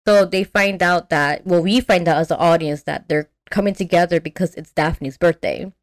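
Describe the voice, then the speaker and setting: A young adult woman host recapping a movie in casual chat. She talks in an animated, slangy way, with lots of fillers and restarts. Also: lowish voice, moderate pace. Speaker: podcast host.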